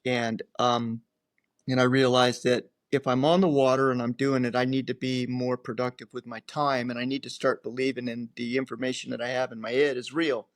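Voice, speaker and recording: Older male guest, casual storyteller, lively voice, recorded dry. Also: medium pitch, normal speed, dry recording. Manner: rambling, animated, acts out others' lines. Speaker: guest, professional angler.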